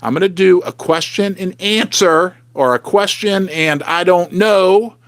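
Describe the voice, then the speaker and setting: A middle-aged man hosting a live stream from his basement, talking straight to viewers in an animated, emphatic way. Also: high-pitched, unhurried, no echo. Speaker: livestream host. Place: home basement.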